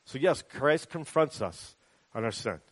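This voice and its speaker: A man's voice: medium pitch, lively intonation, measured pace, slightly rough, no room sound. Conversational male pastor preaching in a dry room. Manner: conversational, often adds "right?". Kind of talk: sermon.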